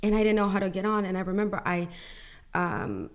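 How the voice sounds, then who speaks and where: A woman's voice: medium pitch, brisk. A young woman giving an emotional personal testimony as a podcast guest, talking casually with lots of "like" and acting out what people said. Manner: chatty, many "like" fillers, acts out quoted dialogue.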